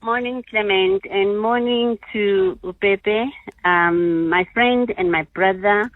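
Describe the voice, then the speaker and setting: A woman's voice: medium pitch, slow pace, dry recording. A woman calls into a radio talk show, speaking with effusive, heartfelt praise. Her voice comes through a tinny, narrow phone line. It sounds dry, with no room around it. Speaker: radio caller.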